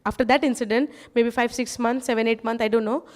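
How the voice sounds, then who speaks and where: A high-pitched woman preaches to a congregation and tells her testimony. She keeps calling out to the crowd for answers, then turns quiet and low in her personal asides. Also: steady tone, fast. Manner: asks the crowd "yes or no?", drops low and soft in asides.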